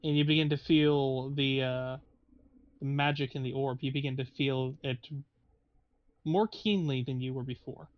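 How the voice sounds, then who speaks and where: A man's voice: medium pitch, steady tone, moderate pace, muffled recording. A man narrating as game master of a tabletop game in a meandering, hesitant way. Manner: meandering, hesitant, frequent restarts.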